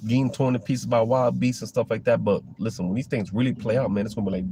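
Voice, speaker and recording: A man's voice: medium pitch, steady tone, quick pace, hardly any pauses, mellow, slight background noise. A man giving a casual, rambling preaching monologue about scripture, full of fillers and restarts. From Florida. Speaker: religious commentator.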